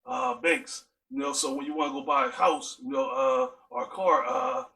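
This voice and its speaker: Deep raspy older stepdad, slow, halting, full of uhs, as a man imitates him. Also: very animated, sharp tone, distant mic, exaggerated voice. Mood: advising. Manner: starts everything with "uh".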